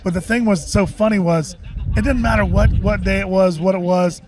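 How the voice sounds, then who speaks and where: Fast-talking high-voiced podcast host. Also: male voice. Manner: animated, jumps in with "listen" and repeats himself. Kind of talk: lively storytelling at a live tailgate podcast. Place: sports bar.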